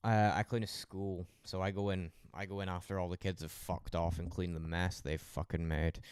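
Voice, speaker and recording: A Scottish man on a live stream, talking loosely and swearing constantly. His voice sits very low and sounds smooth and resonant. The recording is close and dry, with no room sound. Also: a little mellow, no echo. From Scotland. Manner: rambling, heavily profane banter. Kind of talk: casual live-stream chat.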